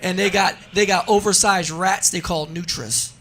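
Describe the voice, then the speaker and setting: Animated, bright-voiced man telling stories. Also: sits high, normal speed, a little hiss or hum. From New Jersey. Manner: animated, laughing storyteller. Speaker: guest, drag racer. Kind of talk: casual radio interview storytelling.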